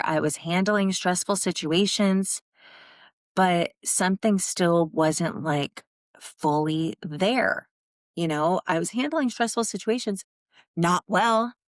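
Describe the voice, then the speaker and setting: In a low voice captured at studio quality with no room sound, a young woman podcast host speaks candidly about her own life. She's raw and blunt, with frequent swearing.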